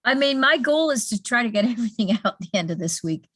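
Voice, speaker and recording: A woman working as a town planner who speaks in a brisk, practical way at a board meeting over a video call. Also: fairly high pitch, lively intonation, a bit bright, slight background noise. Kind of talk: public meeting discussion.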